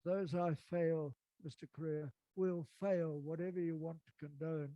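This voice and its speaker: A man, reading poems and telling an anecdote with lively, acted-out dialogue. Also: a little high, unhurried, no echo, highs cut off. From England. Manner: dramatic, animated storytelling with acted dialogue. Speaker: storyteller and poet.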